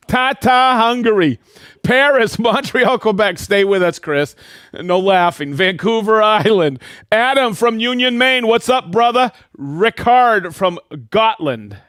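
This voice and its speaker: A man's voice: high-pitched, lively intonation, takes it slowly, a bit bright, clean tone, no room sound, clean studio sound. Upbeat man hosting a live stream. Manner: upbeat, jokey, reading names and places aloud. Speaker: host of a live product show. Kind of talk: livestream shout-outs to viewers.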